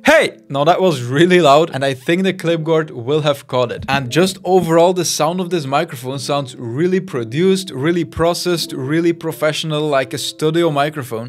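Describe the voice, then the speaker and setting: A young man talking casually and with enthusiasm as he reviews and sets up gear at a home studio desk on a studio microphone. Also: on the high side. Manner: enthusiastic, chatty, explains while handling gear. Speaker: tech YouTuber.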